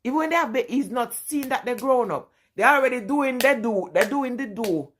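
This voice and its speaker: A woman's voice: fairly high pitch, fairly quick, slight background noise. Laughing woman with a Jamaican accent. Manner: laughs often while telling family stories, animated. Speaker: vlogger. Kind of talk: casual storytelling.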